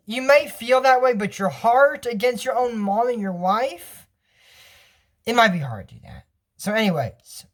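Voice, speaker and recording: A speaker casually recapping a cartoon episode in a rambling, chatty way, often trailing off and laughing. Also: mid-range voice.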